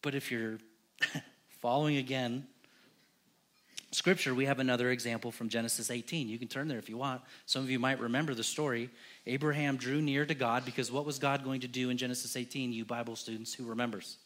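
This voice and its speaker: Male preacher, fiery and repetitive, drops to near-whispers then builds loud. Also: medium pitch, steady tone, fairly quick. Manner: impassioned, swings from hushed to loud, acts out dialogue; repetitive, emphatic lists. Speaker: pastor. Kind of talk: sermon. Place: church.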